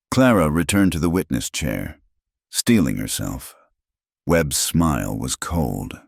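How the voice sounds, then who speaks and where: A man's voice: a bass voice, big pitch swings, slow pace, creaky, husky, dry recording, studio quality. A man narrating a Western story in a dramatic storytelling manner. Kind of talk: scripted narration.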